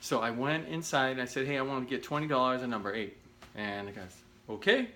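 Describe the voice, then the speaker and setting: A man casually telling a self-deprecating story to his viewers, animated and rambling with restarts. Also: mid-range voice, fast. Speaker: vlogger.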